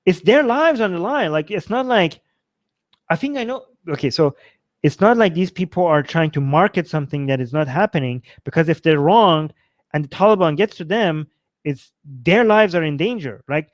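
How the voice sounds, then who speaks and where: A show host talks casually to a live audience, rambling conversationally and repeating his points. His voice sits on the high side with lively intonation and a moderate pace, in a dry recording.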